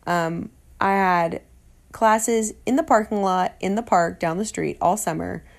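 A woman, a fitness trainer, telling a personal story in an animated way and acting out the dialogue she quotes. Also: a little slow, creaky. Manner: animated, acts out quoted dialogue with sarcastic jumps in pitch.

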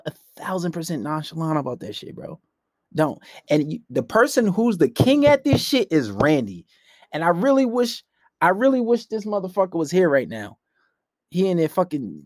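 A young man whose voice is on the high side and a little mellow rants bluntly and profanely about dating on his podcast, rambling casually from his room at night. His laptop recording is dry with clean studio sound.

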